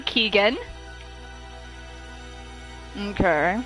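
A woman giving live gaming commentary while playing with friends, excitable and panicky, laughing often. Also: high-pitched, moderate pace, soft background music, poor audio. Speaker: gamer streaming with friends.

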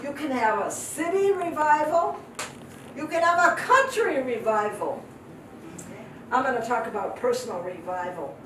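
A woman's voice: high-pitched, lively intonation, measured pace. An older woman giving a heartfelt testimony sermon as a missionary guest speaker, repeating phrases for emphasis. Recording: echoey hall from far off, noisy.

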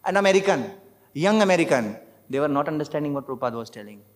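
A man's voice: fairly high pitch, lively intonation, racing, long reverb tail. A man with an Indian English accent giving a scripture class sermon, emphatic and often putting questions to the audience. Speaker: preacher. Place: temple hall.

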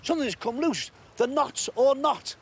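A man's voice: very high voice, animated, a little slow, a little hiss or hum, pitched above the performer's own voice, full character voice. A man doing a blunt, terse young boy. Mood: insistent. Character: practical young boy kite maker.

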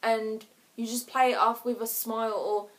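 A chatty woman vlogger talking straight to camera in a casual way. Her voice sits a little high, and she keeps breaking into giggles as she acts out short scenes with quick voices. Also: level tone.

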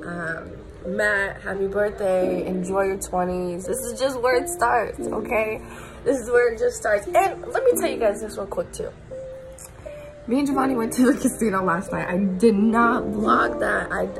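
A woman in her twenties talking casually to her phone camera, slangy and chatty, giving shout-outs. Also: mid-range voice, normal speed, vocal fry, over music. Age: 20s. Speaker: vlogger. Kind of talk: casual vlog chat.

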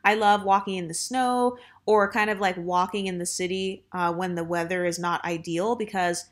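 A woman in her thirties talking casually to listeners in a self-help monologue, chatty and unhurried, with many fillers and a girlfriend-to-girlfriend tone. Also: on the low side, steady tone.

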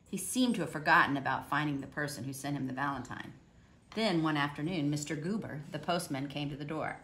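A woman calmly reading a children's picture book aloud. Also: sits low, a little fast. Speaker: storybook reader.

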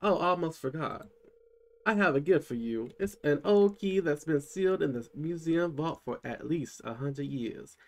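A man's voice: on the high side, animated, normal speed. A man voicing a polite, formal male museum curator with a put-on accent. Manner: put-on accent, courteous and fussy.

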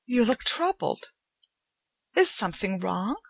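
A woman reading aloud, voicing an eager young woman who gushes with excitement. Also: on the high side, slow, breathy edge, no echo, clean studio sound, exaggerated voice. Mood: excited. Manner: bright, excited, breathless questions.

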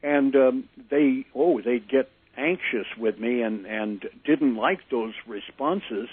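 Older male former DJ guest, animated storyteller, husky tone, dry, phone-line audio. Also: mid-range voice, slow pace, no room sound. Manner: animated anecdote teller, acts out quotes. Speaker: former disc jockey, guest. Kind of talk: storytelling interview. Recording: tinny phone-line sound.

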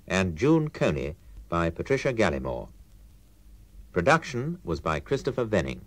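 A male radio announcer reading credits in a measured, formal way. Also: fairly low pitch. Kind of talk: scripted continuity announcing.

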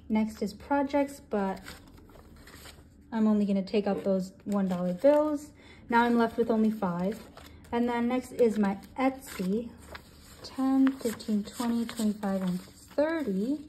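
A woman in her twenties, a budgeting channel host, counting cash aloud and thinking out loud as she sorts it. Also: mid-range voice, a little hiss or hum. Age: 20s. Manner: counts bills aloud in steady runs; thinks aloud, with soft hesitations.

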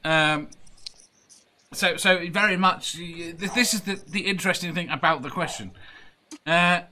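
Bright-voiced chuckling male host. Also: sits high, slight background noise. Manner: chuckling, quick asides. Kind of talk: casual panel chat, reading viewer answers.

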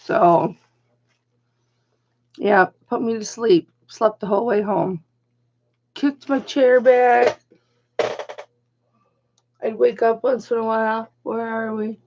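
Rambling husky woman vlogger. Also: fairly high pitch, takes it slowly, pauses often, muffled recording. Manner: rambling, animated retelling with quoted voices. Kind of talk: casual haul vlog storytelling.

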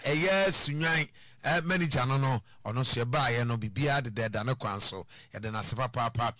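A man's voice: medium pitch, a little fast, dry recording. A man hosting a radio talk show, thanking listeners and colleagues at length. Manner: effusive, lots of thanks and shout-outs. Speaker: radio presenter.

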